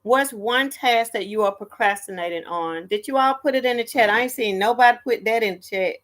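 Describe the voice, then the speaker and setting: A woman's voice: a little high, brisk, fairly bright tone. A woman hosting a casual live stream, chatty and greeting viewers by name.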